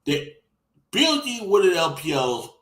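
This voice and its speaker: Bright-voiced guy on a podcast, cussing and telling stories, echoey room. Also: sits high, unhurried. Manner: profane, animated storytelling with put-on quotes. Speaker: podcast co-host. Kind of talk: casual esports chat.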